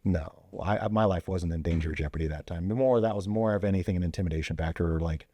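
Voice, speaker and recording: A man's voice: low voice, quick pace, mellow, husky, no echo. A man, a former police officer and veteran, casually telling a story as a podcast guest, with loose fillers and quoted dialogue acted out with sudden voice jumps. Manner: loose, with many fillers like "you know" and "like".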